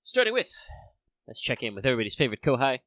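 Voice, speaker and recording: A man's voice: medium pitch, very animated, rapid-fire, fairly bright tone, no room sound. A man hosting a casual podcast chat, rambling with lots of fillers, a bit under the weather. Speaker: podcast host.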